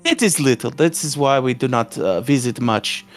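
A man voicing a pompous male vampire count posing as a foreign noble, with a put-on foreign accent and stiff formal speech full of hesitant pauses. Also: mid-range voice, faint music behind, lightly acted. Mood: courtly.

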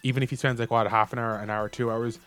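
A young Irish man chatting casually as a podcast co-host, telling a story in a rambling, animated way full of fillers. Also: medium pitch, quick pace, smooth, soft background music. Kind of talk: casual chat.

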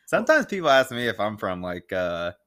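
Deep, bright-toned laid-back man. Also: huge pitch swings, a little fast. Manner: laid-back, laughs often. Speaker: host. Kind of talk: casual chat.

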